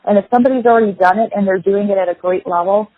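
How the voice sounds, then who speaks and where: A woman's voice: mid-range voice, racing, no room sound. A woman guest in an interview, talking in a practical, encouraging way and often adding "right?". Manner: practical and encouraging, tag questions. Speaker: guest, home builder. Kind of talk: conversational interview. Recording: dry phone-like lo-fi line.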